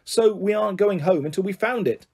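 A man voicing a determined young boy who shouts firmly in a storybook reading. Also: high-pitched, a little fast, gravelly, husky, voice pushed up, full character voice. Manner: firm, shouting.

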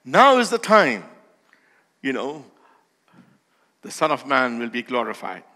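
A man preaching a sermon as pastor, with emphatic, slowly stressed phrases that swell in volume. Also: mid-range voice, very animated, bright, forceful tone. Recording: long hall reverb.

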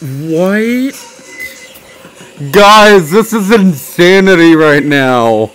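A man's voice: high voice, lively intonation, extremely slow, a bit bright, clean tone, faint music behind, poor audio. A young man commentating a video game, panicky and exclamatory, often calling out to his viewers. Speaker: gaming video host.

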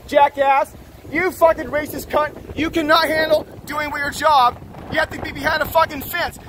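A man's voice: very high-pitched, bright, forceful tone, slight background noise, rough recording. A man confronting officials outdoors at a harbor, angry, accusatory and profane. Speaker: boat owner confronting officials. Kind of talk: heated confrontation, filmed.

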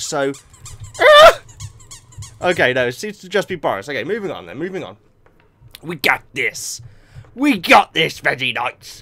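A young man narrates his gameplay in a slightly high voice. His pitch swings widely as he reacts excitably, often talking straight to the game. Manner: excitable, talks to himself and the game. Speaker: gaming video host. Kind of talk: let's play commentary.

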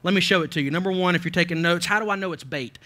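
A pastor delivers a church sermon in a high, bright, forceful voice, racing along. He preaches with emphasis, repeats key phrases and often restarts sentences as he drives each point home.

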